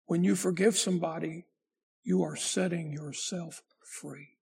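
Raspy high-voiced preaching pastor. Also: male voice, fairly even intonation, a little mellow. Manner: preaching with emphatic rises and slow drawn-out phrases. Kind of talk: sermon.

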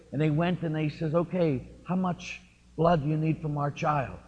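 Guy pastor preaching, husky voice, swings loud then hushed, long church echo. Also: a little high, steady tone, moderate pace. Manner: impassioned storytelling, rising and falling. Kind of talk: sermon. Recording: lo-fi recording in a reverberant church.

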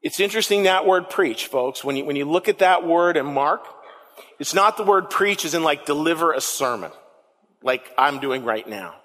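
A man preaching a sermon as pastor, telling the story with animated emphasis and repeating words for effect. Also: on the high side, moderate pace, in a large hall.

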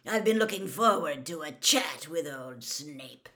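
A woman voicing a gruff, menacing old male wizard in a storybook reading, with a low, gravelly, growling delivery. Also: expressive, sharp tone, exaggerated voice. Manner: blunt, growling threats, drawn-out stress.

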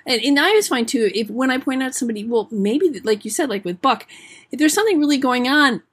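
A woman dog trainer in casual conversation, speaking in a measured, thoughtful way. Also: high-pitched, expressive, slightly rough.

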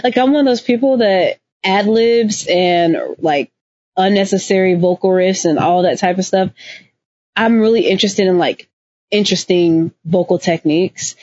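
A woman co-hosting a podcast, chatting casually in an animated, emphatic way. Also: medium pitch, no room sound. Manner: animated, emphatic, laughs often. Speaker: podcast co-host. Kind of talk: casual chat. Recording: dull lo-fi dry recording.

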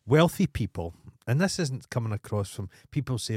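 A man with a fairly low voice rants and swears his way through a relaxed podcast chat. He talks over his co-host and comes back to his point again and again. The sound is dry and close, with no room around it. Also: slightly rough, no room sound. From Scotland. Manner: sweary, ranting, quick to interrupt. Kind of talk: casual chat.

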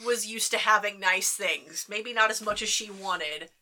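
A woman chatting casually as a guest voice actor, rambling with quick restarts. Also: mid-range voice, bright, forceful tone. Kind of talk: casual chat.

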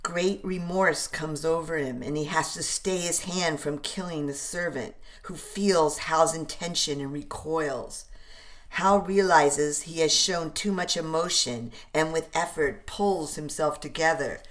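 Slow-reading woman narrating a war story. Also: sits low. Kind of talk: reading a historical war drama aloud.

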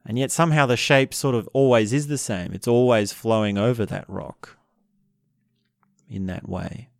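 A man calmly teaching about relationships in an unhurried, reflective way, sometimes acting out what couples say. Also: medium pitch, gravelly, no room sound, clean studio sound. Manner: calm, unhurried, acts out quoted couples.

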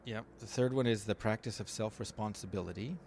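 A man with a lowish voice co-hosts a relaxed podcast conversation. He talks through ideas patiently and in a measured way, stopping now and then to find his words. A faint hum of room ambience sits behind him. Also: vocal fry. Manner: thoughtful, explains step by step with pauses and fillers. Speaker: podcast co-host.

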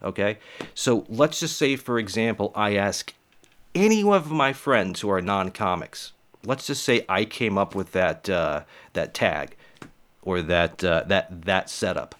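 A man's voice: on the low side, expressive, unhurried. A man who does stand-up comedy, talking casually and rambling to his viewers, with lots of swearing. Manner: rambling, profane, chatty.

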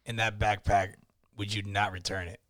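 A man's voice: lowish voice, level tone, a bit bright, no room sound, clean studio sound. A man co-hosting a podcast in casual chat, asking short probing questions. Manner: prods with short questions and quick reactions. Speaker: podcast co-host.

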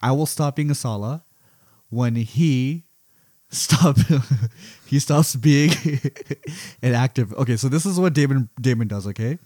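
A man co-hosting a podcast in casual chat, joking and mocking himself as he tells animated stories. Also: mid-range voice, measured pace, no room sound, studio quality. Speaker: podcast co-host.

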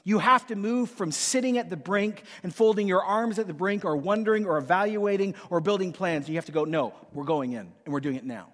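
A man's voice: high voice, brisk, hardly any pauses, fairly bright tone, in a large hall. A male pastor preaching with emphatic repetition and playful acted asides in a sermon.

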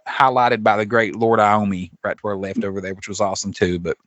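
Podcast co-host from Kentucky, male, low voice, rapid lively delivery, dry close sound. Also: no room sound, dull audio. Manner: animated storyteller, swears freely, laughs often. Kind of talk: casual chat.

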